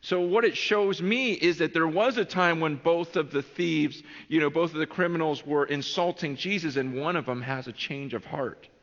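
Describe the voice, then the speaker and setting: A male pastor preaching with earnest, animated emphasis, his voice sitting fairly high. The recording sounds dull and muffled, with long echo as if in a large hall. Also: moderate pace, few pauses. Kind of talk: sermon.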